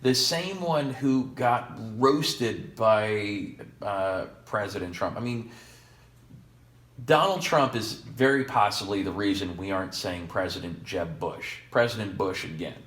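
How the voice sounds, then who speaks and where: Podcast co-host, male, low-pitched, wry and meandering, roomy echo. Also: measured pace, fairly bright tone. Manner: rambling, sarcastic, jokey asides. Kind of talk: casual chat. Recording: echoey room.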